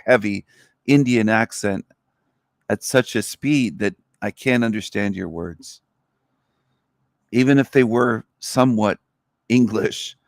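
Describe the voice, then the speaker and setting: Gravelly low-voiced middle-aged man rambling. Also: no room sound, clean studio sound. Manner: blunt, rambling, crude and opinionated. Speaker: livestream host. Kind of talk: casual rambling livestream monologue.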